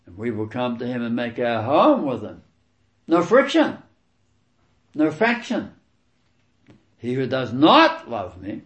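A man preaching through scripture, reading verses and commenting on them with emphatic, repeated key words and sudden loud stresses. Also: medium pitch, reverberant.

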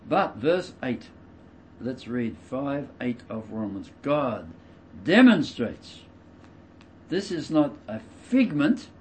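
A man preaching a verse-by-verse sermon. He stresses key words loudly, drops into quiet asides, and explains with everyday examples. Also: medium pitch, very animated, takes it slowly, slight background noise. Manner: emphatic, swings between loud stresses and quiet asides. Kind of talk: expository sermon.

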